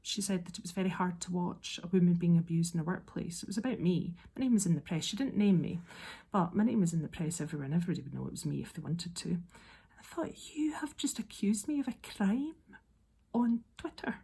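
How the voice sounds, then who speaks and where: A woman speaks in a casual, exasperated monologue, sounding slightly unwell and low on energy. Her voice sits low and gravelly, with a dark, husky tone. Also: fast. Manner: exasperated, ranting. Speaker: vlogger.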